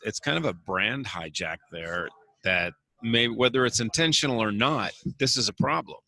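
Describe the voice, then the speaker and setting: A male host with a lowish voice and a bright, forceful edge chats with his guest in an easygoing way. His voice sounds dry and close to the mic, without any room echo. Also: animated, moderate pace, vocal fry. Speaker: show host. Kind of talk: casual interview.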